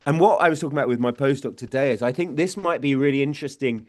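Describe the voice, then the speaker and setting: A man's voice: medium pitch, quick pace. A British man, a guest researcher, explaining ideas in conversation, thinking aloud with restarts and often checking with "yeah?".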